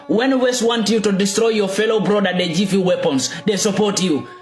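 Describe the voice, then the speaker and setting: A man's voice: sits high, fairly quick, few pauses. A man giving an impassioned political speech, repeating rhetorical questions with emphasis. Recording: echoey room with faint music.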